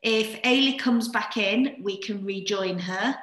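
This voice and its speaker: Brisk woman host, echoey room. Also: medium pitch, fairly bright tone. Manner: practical, brisk organizing talk. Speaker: event host. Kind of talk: hosting announcements.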